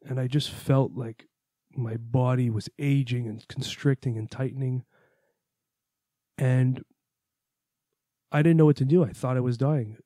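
A man speaks in an earnest, reflective way as he recounts a personal experience to his audience, cursing now and then. His voice is warm and mellow, with a middling pitch. The recording is dry and close, with no room sound. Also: steady tone, a little slow, pauses often, no room sound. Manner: candid, earnest, reflective, with the odd curse. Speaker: podcast host. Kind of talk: personal storytelling monologue.

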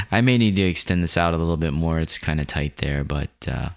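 A man talking through a software tutorial step by step, relaxed and explanatory, as a voice-over. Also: rumbling low, a little fast, creaky. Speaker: video editing tutorial host. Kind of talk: screen-recorded software tutorial.

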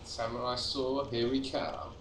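A man's voice: mid-range voice, little pitch movement, unhurried. A man on a call playing a game with a friend, laid-back, joking and swearing casually. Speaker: co-op gaming partner on a call. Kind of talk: casual co-op gaming chat. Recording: echoey room over a voice call, faint noise.

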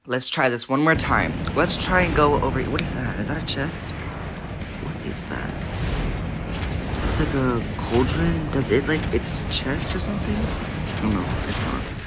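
Excitable gamer chattering over music. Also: mid-range voice, a little slow. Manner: excitable, jumpy, repeats panicked exclamations. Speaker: gaming video creator. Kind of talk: casual gameplay commentary.

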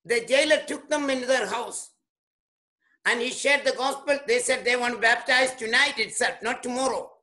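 A man pastor preaching a sermon emphatically, breaking in to comment on the scripture reading and sometimes shouting. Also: extremely high pitch, normal speed. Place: church.

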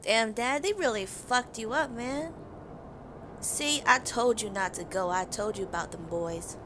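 Woman voicing a nagging teen daughter, scolding, exasperated, higher voice, noisy ambience. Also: unhurried, natural voice. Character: nagging teenage daughter scolding her dad. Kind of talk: comedy skit voice acting.

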